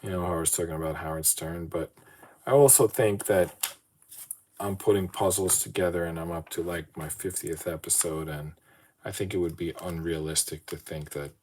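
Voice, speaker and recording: A man's voice: deep voice, moderate pace. A podcast host talking casually to himself as he assembles a model, rambling and self-deprecating. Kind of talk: casual solo talk while building a model. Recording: steady background noise.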